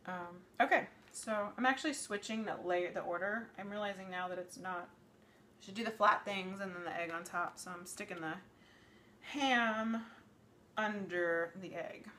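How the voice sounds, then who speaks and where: A woman's voice: mid-range voice, moderate pace, sharp tone, slight background noise. Thirtysomething woman doing a live cooking stream at home, chatty and rambly, fixes her own words a lot, voice kinda worn out. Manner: chatty, rambling, with frequent self-corrections. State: voice slightly worn. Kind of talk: live cooking demonstration, casual chat. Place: home kitchen.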